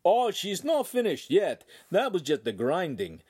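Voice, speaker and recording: Man doing Italian master craftsman, cheerful, bossy, broken English, raised pitch, storybook reading. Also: huge pitch swings, a little slow, a little mellow, slightly rough, exaggerated voice.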